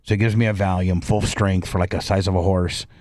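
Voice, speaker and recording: A man's voice: low voice, flat delivery, fairly quick, darkish tone, no room sound. Chatty man telling a story on the radio. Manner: storytelling, acts out his own panicked self-talk. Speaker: radio show host. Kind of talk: casual talk radio chat.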